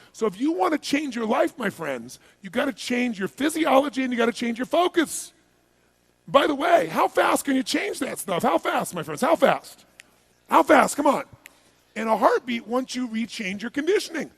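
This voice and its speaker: A man's voice: very high-pitched, husky, rough recording. A man giving a live seminar as a motivational speaker, firing repeated questions and urging the audience to answer.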